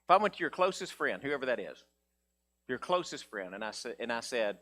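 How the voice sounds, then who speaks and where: A man's voice: medium pitch, quick pace. A male pastor preaching a folksy sermon, acting out the characters' voices. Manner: folksy, animated, acts out voices of Bible characters.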